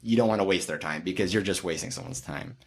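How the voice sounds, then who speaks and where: A man's voice: sits low, fast talker. A young man, a podcast guest, chatting casually and acting out customers and salesmen as he tells stories. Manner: animated storyteller, acts out customers and salesmen. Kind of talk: casual chat.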